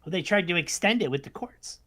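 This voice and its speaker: A man co-hosting a casual political chat on a faith podcast, animated and acting out what others say in mocking voices. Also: sits high, brisk. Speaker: co-host.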